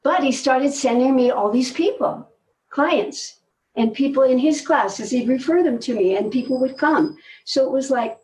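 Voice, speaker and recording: An older woman telling stories in a relaxed conversation, animated and laughing often, often trailing off mid-sentence. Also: sits high, moderate pace, distant mic, slight background noise, low-quality recording. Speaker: guest, movement teacher. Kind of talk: conversational storytelling.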